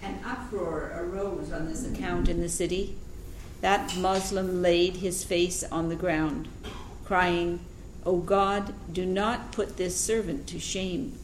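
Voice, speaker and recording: Woman, class reader; slow, measured reading; lower pitch, roomy echo. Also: steady tone. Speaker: reader of the text. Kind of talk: reading aloud a translated text. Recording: roomy echo, faint noise.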